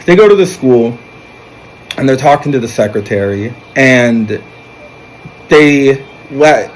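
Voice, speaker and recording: A man's voice: medium pitch, slow pace, slight background noise, low-quality recording. Man casually retelling a movie plot. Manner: rambling storytelling, animated when quoting characters. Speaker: movie reviewer. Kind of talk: casual film plot recap.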